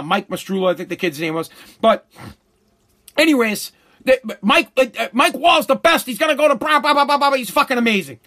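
A man's voice: high-pitched, fairly bright tone. A middle-aged man, hosting a show and telling a profane story bluntly, with many restarts. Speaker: show host.

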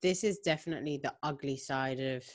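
A young woman co-hosting a podcast, chatting casually with quick, opinionated remarks full of "like". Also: very deep voice. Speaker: podcast co-host. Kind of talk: casual chat.

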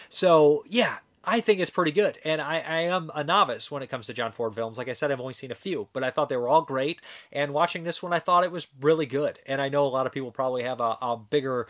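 A man's voice: medium pitch, fairly bright tone. A man giving a loose, rambling, casual spoken review of a film, as the host of his own review show.

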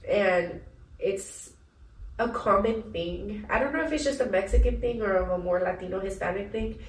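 A young woman co-hosting a casual podcast chat, animated and quick to laugh, swearing freely. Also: mid-range voice, recorded from a distance. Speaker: podcast co-host. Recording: roomy sound from off-mic, faint hiss.

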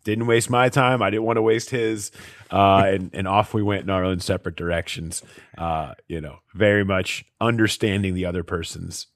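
His voice sits low and steady at a moderate pace in a dry recording. As a podcast co-host and sports reporter, he tells stories in a chatty way, leaning on fillers and laughing at them himself.

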